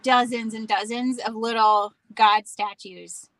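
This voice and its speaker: Female panelist, slow hesitant talker, higher voice, dry mic. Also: fairly even intonation, a bit bright, no room sound. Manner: hesitant, searching for words. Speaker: podcast panelist. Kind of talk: casual chat.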